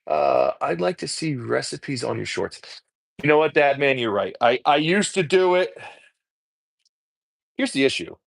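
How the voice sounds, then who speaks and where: A man's voice: mid-range voice, big pitch swings, a little slow, creaky, pauses often, no echo. A man casually chatting while prepping food, rambling and self-deprecating, swearing freely, with a New Jersey accent. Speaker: home cook content creator. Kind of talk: casual chat while cooking prep.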